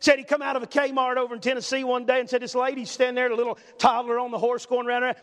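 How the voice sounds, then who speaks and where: High-voiced, emphatic older preacher. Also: male voice, level tone, fast talker, fairly bright tone. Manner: emphatic, repetitive, punctuating with "amen?". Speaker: pastor. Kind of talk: sermon. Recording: long reverb in a large hall.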